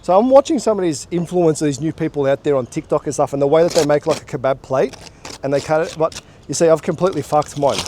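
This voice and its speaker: A casual Australian man talks through a food review in a loose, chatty way, with offhand swearing. His voice sits a little high for a man. Faint street noise hums behind him. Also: fast, mellow. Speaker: food vlogger.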